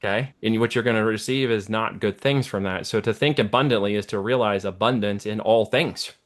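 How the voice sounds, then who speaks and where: Preachy man with a low voice. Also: brisk. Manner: preachy, checks in with listener often. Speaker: guest, entrepreneur. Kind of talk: motivational talk in an interview.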